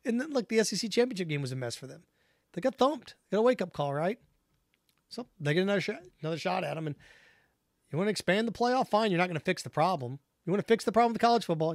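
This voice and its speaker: A man's voice: sits high, dry recording, studio quality. A man hosting a sports talk show, giving solo commentary in an emphatic, opinionated way and repeating his points for effect.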